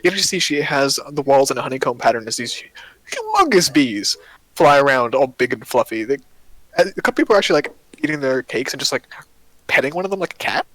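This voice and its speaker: A man's voice: medium pitch, very animated, fast, fairly bright tone, no echo, poor audio. A man narrating as game master of a tabletop game, rambling with lots of fillers and joking about himself.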